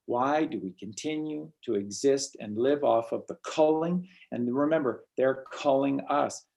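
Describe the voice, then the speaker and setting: A man's voice: mid-range voice, a little slow, vocal fry, a little mellow. A man hosting a casual spiritual talk, rambling and often repeating words as he restarts sentences. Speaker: host.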